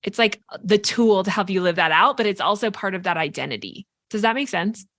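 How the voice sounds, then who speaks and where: A woman's voice: mid-range voice, fairly quick, fairly bright tone, dry recording, clean studio sound. A woman co-hosting a podcast, talking earnestly in casual reflective chat, full of "like" and "right?" as she explains. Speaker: podcast co-host.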